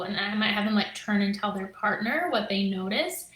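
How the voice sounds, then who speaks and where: Speaking fairly quickly with hardly any pauses, this thirtysomething teacher and curriculum creator explains lessons straight to camera, chatty and upbeat, sprinkling in fillers and "right?". Her medium-pitched voice is a bit bright, and the rough recording has an echoey room sound.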